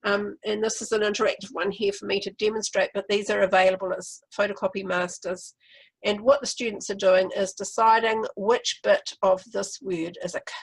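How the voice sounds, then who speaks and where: Gravelly-voiced woman teaching a webinar. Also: medium pitch, level tone, a little fast, rough recording. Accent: New Zealand. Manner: explanatory, walks through activities step by step. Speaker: literacy educator presenting a webinar. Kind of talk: webinar presentation.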